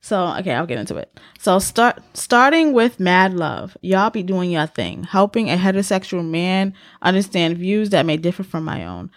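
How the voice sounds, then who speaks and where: A woman's voice: fairly low pitch, lively intonation, moderate pace, few pauses, no echo, clean studio sound. A woman in her forties with a New York accent, co-hosting a podcast in brash, profane, laughing casual chat. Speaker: podcast co-host.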